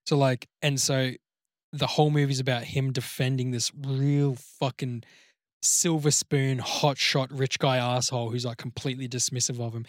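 A man in casual podcast chat, animated and swearing freely, describing a story idea. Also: mid-range voice, normal speed, no echo, studio quality. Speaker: podcast co-host.

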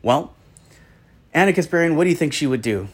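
A man's voice: a little high, lively intonation, fairly quick, breathy edge. A man hosting a podcast, talking through a news story in a rambling, opinionated way and acting out what people said. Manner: rambling, opinionated, acts out quotes. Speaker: podcast host. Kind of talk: casual commentary monologue.

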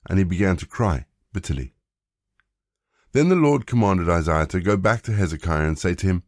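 A man giving a scripted Bible reading with measured, even narration. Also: sits low, no room sound, studio quality. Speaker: scripture reader.

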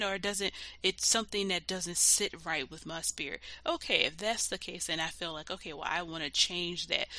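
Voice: medium pitch, sharp tone, no echo. A podcast host talking alone in a loose, conversational way, blunt and full of swearing, and emphatic and heated when making a point. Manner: loose conversational filler talk. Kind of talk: solo podcast monologue.

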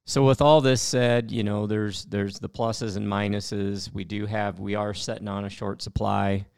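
Low gravelly host guy, rambles thru his questions, dry close sound. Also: little pitch movement, a little slow, a little mellow, no echo. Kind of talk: casual interview.

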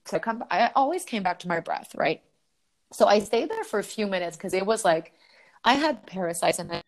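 A woman's voice: medium pitch, sing-song, brisk. A woman talks casually as a podcast guest, telling a personal story with lots of energy. She laughs easily and swears without fuss. She keeps slipping into voicing her own thoughts in quotes.

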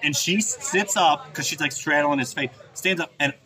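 A man in his thirties with a fairly high, sharp-toned voice speaks at a moderate pace. As a podcast host, he tells a long, rambling story in casual conversation, swearing and using lots of fillers, while crowd chatter plays in the background.

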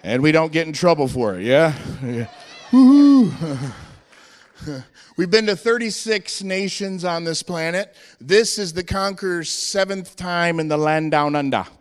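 An American man presenting a strength team show at a church, joking and shouting to rally the crowd over a handheld microphone. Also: a little high, moderate pace, smooth, in a large hall. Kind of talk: energetic church stage presentation. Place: church hall with live audience.

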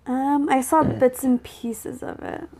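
A woman co-hosting a casual podcast, teasing her partner with quick comebacks. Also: high-pitched, gravelly, crowd noise. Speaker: podcast co-host. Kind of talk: casual chat.

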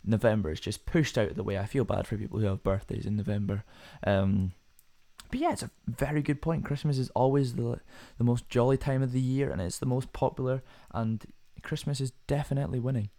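A man's voice: mid-range voice, brisk, warm tone. A young man hosting a casual solo podcast, rambling and self-deprecating with many fillers and restarts, his voice sometimes cracking. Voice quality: voice cracks at times. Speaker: podcast host.

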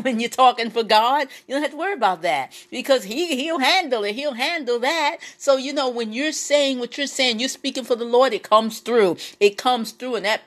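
A woman who is a Christian counselor and life coach, talking earnestly in a podcast monologue and repeating phrases for emphasis. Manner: preaching, lively pitch swings.

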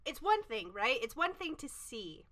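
A woman's voice: high-pitched, very animated, moderate pace, bright, forceful tone, no room sound. A woman co-hosting a podcast, chatting casually and reacting expressively. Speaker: podcast co-host. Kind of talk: casual chat.

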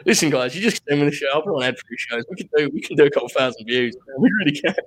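A man's voice: on the high side, expressive, rapid-fire. A man co-hosting a podcast in casual chat, laughing often, swearing and rambling through asides. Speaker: podcast co-host.

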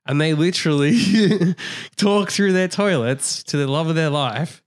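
A man's voice: fairly high pitch, moderate pace, clean tone. Teasing, laughing podcast co-host man. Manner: laughs often, crude and teasing. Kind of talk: casual chat.

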